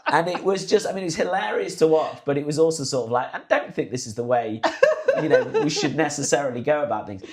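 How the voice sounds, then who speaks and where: A man's voice: on the high side, fast. A man co-hosting a podcast, telling family stories in casual chat and slipping into raised voices to mimic relatives. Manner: animated storyteller, imitates relatives in raised voice. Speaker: podcast co-host.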